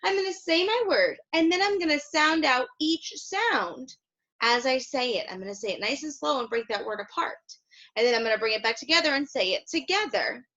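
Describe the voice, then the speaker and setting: A woman teaching a phonics lesson to young children, speaking slowly and clearly, sounding words out and praising often. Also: high voice, lively intonation, bright, forceful tone. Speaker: kindergarten teacher. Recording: slightly dull, lo-fi sound.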